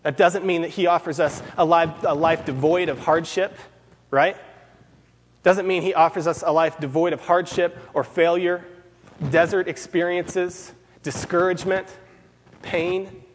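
A man's voice: on the high side, steady tone, a little slow, slight background noise. A man preaching a sermon to a gathered group, earnest, repeating key phrases for emphasis. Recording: long hall reverb.

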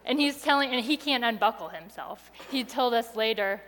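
A woman telling a personal story to an audience with expressive delivery, going soft and quiet at the tense moments. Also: fairly high pitch, moderate pace, in a large hall.

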